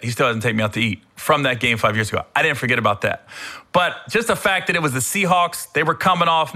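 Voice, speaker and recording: A middle-aged man hosting a podcast, telling comedic stories in an animated, rambling way with some swearing. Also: fairly high pitch. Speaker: podcast host. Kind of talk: comedic storytelling.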